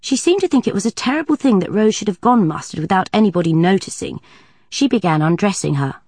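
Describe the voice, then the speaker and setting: A woman narrating a children's storybook aloud in an even, clear manner. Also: medium pitch, fast talker, dry recording, studio quality. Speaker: audiobook narrator. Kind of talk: storybook reading.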